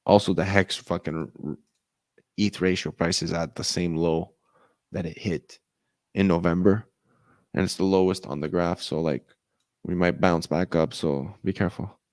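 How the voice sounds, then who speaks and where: A man's voice: low voice, steady tone, moderate pace, darkish tone, no room sound. A man co-hosting a casual crypto chat show, ranting with lots of profanity and mocking put-on voices. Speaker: podcast co-host.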